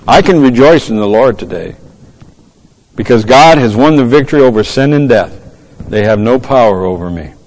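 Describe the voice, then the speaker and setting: A man's voice: medium pitch, lively intonation, moderate pace, a little mellow. A man preaching a fervent sermon, repeating words as he goes and quoting scripture in old-fashioned English. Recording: long hall reverb.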